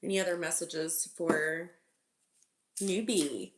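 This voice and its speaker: A woman's voice: on the low side, slow pace, noisy background. Chatty woman giving a live tarot reading. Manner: chatty, fills with "like", laughs often; repeats messages insistently. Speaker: tarot reader and channeler on a live stream. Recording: roomy echo.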